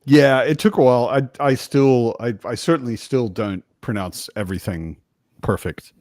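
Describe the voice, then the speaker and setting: A man's voice: medium pitch, moderate pace, a little mellow, no room sound, studio quality. A man hosting a casual video-call chat with friends, joking around and swearing casually. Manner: chatty, swears casually, jokey. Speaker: host.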